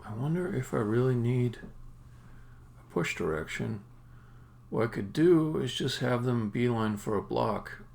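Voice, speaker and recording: A man's voice: medium pitch, lively intonation, a little slow, vocal fry, a little mellow. A man streaming game development at his desk, musing aloud casually as he works. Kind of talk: casual live-stream commentary.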